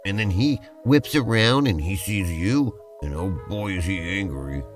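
A man's voice: low voice, lively intonation, unhurried, soft background music. A man hosting a podcast and narrating a playful tabletop-style role-play adventure as game master, in an easygoing, rambling way.

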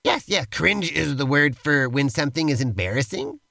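A man's voice: fairly high pitch, expressive, normal speed, vocal fry, bright, forceful tone, no room sound. A man co-hosting a comedy show, teasing his partner in playful, improvised role-play banter. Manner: upbeat, teasing, playfully pushy. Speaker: co-host.

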